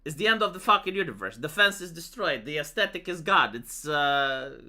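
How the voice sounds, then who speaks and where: This man, from Romania, speaks at a moderate pace with a voice on the high side, lively intonation, and a sharp tone. Chatting casually to his stream viewers, he spins rambling, profanity-laced stories and keeps restarting.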